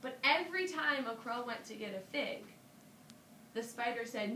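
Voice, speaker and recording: A woman telling a folk tale to children, animated and inviting her listeners to join in. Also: fairly high pitch, normal speed. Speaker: storyteller. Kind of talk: interactive storytelling for children. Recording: roomy, distant mic with ambient noise.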